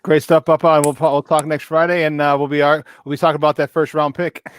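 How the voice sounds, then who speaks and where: A man's voice: on the high side, little pitch movement, quick pace, smooth. A man hosting a sports talk show, upbeat and chummy as he wraps up and thanks his guests. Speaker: sports talk radio host.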